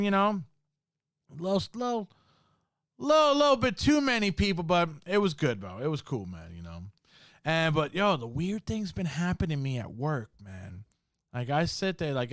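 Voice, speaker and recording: A man's voice: on the high side, smooth, no room sound, clean studio sound. A man hosting a podcast, telling a spooky story from work in a casual, slangy way, full of swearing and "bro". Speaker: podcast host.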